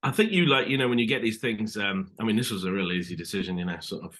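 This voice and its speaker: A man's voice: on the low side, fast talker, fairly bright tone. A British man, an actor, talking through an interview in a loose, hesitant way full of fillers and restarts. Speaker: actor guest. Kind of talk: casual interview chat.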